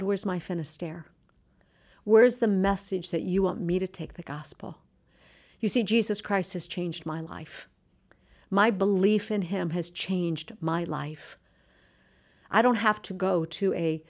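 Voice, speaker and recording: A middle-aged woman hosting a devotional talk, speaking earnestly with slow, emphatic phrases and dropping to a soft, hushed tone in reflective moments. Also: medium pitch, creaky. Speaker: Christian host and speaker.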